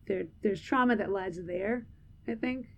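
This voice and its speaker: A woman's voice: mid-range voice, measured pace, creaky. A young adult woman co-hosting a podcast, talking candidly in a loose, rambling way full of fillers. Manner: candid, rambling with many "like"s, laughs often. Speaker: podcast co-host. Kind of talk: casual chat.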